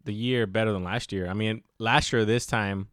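A man's voice: fairly low pitch, fairly even intonation, normal speed, fairly bright tone, no room sound, clean studio sound. A man chatting casually as a podcast co-host, rambling loosely, swearing freely and acting out his own reactions. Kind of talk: casual chat.

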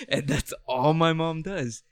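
A man's voice: on the high side, a bit bright, no room sound. A young man from the US, born to Mexican parents, chatting in a laid-back, hesitant way. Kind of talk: casual chat.

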